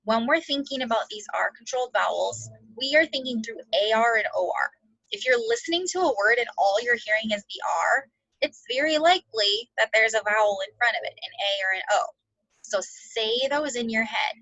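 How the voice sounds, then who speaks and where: A woman teacher giving a phonics lesson to second graders, slowly sounding out words and spelling letters aloud. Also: a little high, lively intonation, bright, forceful tone, dry recording, highs cut off.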